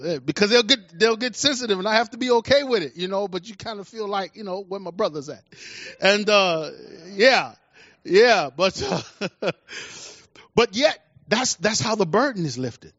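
A man's voice: sits high, expressive, moderate pace, no room sound. Emphatic middle-aged male preacher, dull dry sound. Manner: emphatic, repeats key lines, swings from soft to loud. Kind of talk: sermon.

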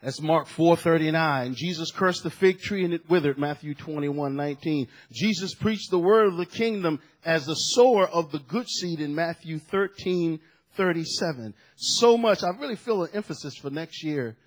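A middle-aged male pastor preaching a sermon, swinging from shouted emphasis to hushed asides. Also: fairly high pitch, lively intonation, normal speed, low-quality recording.

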